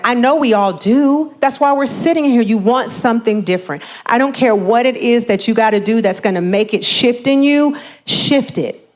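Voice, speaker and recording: A woman giving a lively motivational seminar talk on home buying, often acting out the voices of the people she quotes. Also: fairly high pitch.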